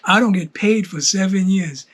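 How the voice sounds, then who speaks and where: A bossy, practical wife of many decades, put on by a male comedian. She speaks bluntly and matter-of-factly, in a high and plain voice. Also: normal speed, a bit bright, husky.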